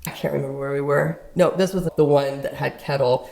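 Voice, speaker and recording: A woman's voice: sits low, brisk, creaky. A woman co-hosting a podcast, telling stories in casual chat and acting out quotes with laughter. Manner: animated, laughing, acts out quotes. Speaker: podcast co-host.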